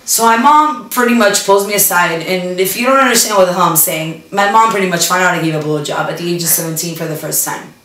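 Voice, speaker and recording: A young woman from the Miami area tells a personal story in a chatty, casual way, packed with "like" and switching into Spanish for quotes. Her voice is lowish and fairly bright, quick with hardly any pauses. The recording sounds roomy, with her distant from the mic.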